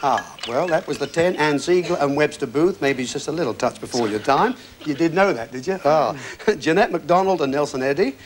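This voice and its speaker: A man's voice: a little high, lively intonation, a little fast, few pauses, soft background music. A man hosting a television quiz show, reading questions and joking with contestants in a breezy, easygoing patter. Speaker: game show host. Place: television studio with audience.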